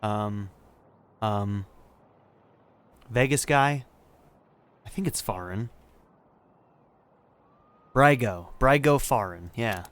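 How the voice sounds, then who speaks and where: A man casually commentating his playthrough of a video game, thinking aloud in a relaxed, chatty way with fillers and quick laughs. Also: on the low side. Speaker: let's play gamer.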